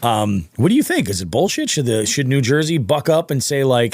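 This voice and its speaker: Animated, profane New podcast host. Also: male voice, mid-range voice, brisk, hardly any pauses, no room sound. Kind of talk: casual chat.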